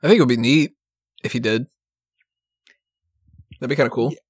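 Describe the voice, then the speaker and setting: A man's voice: medium pitch, normal speed, slightly rough, no echo, clean studio sound. A man in casual wrestling podcast chat, rambling and profane, laughing often.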